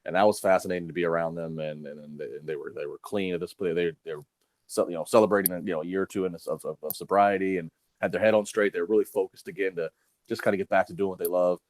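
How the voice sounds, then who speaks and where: A young man co-hosting a wrestling podcast, talking casually and quickly with stammered restarts. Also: low-pitched, steady tone, dry recording. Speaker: podcast co-host.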